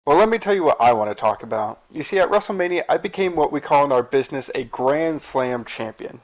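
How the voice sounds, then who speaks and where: A man's voice: a little high, lively intonation, fairly quick, close to an everyday voice. A man voicing a proud male wrestling champion giving a grandstanding promo speech. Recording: dull lo-fi recording.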